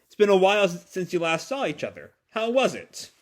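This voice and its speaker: Gruff middle-aged dad and ex-delinquent cook, blunt and taunting, read by a man in a fairly high voice. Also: huge pitch swings, brisk. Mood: teasing.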